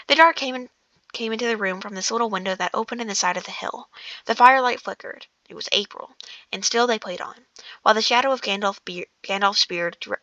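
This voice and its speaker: A woman reads a book aloud in a casual, unpolished way, tripping over words, restarting lines and drifting into chatty asides. Her voice is bright with a gravelly edge. The sound is dry and close, recorded indoors in a dark room. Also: medium pitch, dry recording, muffled recording. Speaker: audiobook reader.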